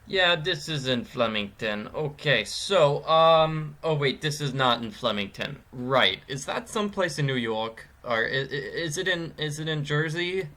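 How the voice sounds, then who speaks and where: A man's voice: fairly high pitch, animated, measured pace, hardly any pauses, sharp tone. A man giving casual, rambling commentary as he plays a mystery adventure game, often stopping and restarting his sentences. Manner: rambling, self-interrupting. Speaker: let's play commentator.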